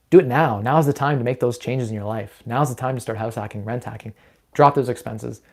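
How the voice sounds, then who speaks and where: A man's voice: mid-range voice, a little fast, darkish tone. A young man hosting a casual live Q&A stream, talking upbeat and persuasive with frequent fillers and restarts. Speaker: host of a live Q&A on personal finance.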